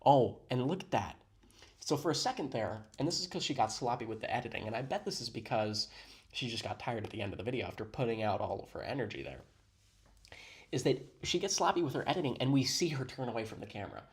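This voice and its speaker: A man's voice: medium pitch, sing-song, fast talker. A man giving sarcastic, mock-serious commentary on a video he is playing. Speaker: reaction commentator.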